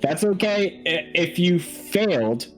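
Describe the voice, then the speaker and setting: A man's voice: high-pitched, lively intonation, takes it slowly, soft background music. A man narrating as game master of a tabletop horror game, often stammering and restarting his sentences.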